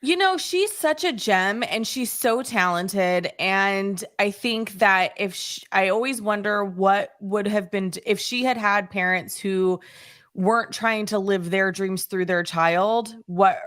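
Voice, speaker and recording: A woman co-hosting a podcast in casual chat, talking expressively with quick asides. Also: medium pitch, a bit bright, no room sound, clean studio sound. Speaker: podcast co-host.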